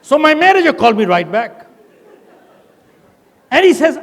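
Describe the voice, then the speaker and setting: A man's voice: extremely high pitch, sing-song, moderate pace, fairly bright tone. An older man giving a motivational keynote speech, telling a story with acted quotes. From India. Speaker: keynote speaker. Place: large conference hall. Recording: long hall reverb.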